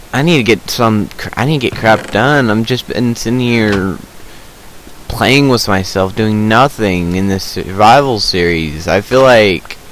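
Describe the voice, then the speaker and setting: A man's voice: fairly low pitch, a bit bright, a little hiss or hum, rough recording. A man chatting casually to his viewers while playing a survival game, rambling with lots of fillers. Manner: unhurried with many fillers. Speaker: gameplay video creator. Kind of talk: casual gameplay commentary.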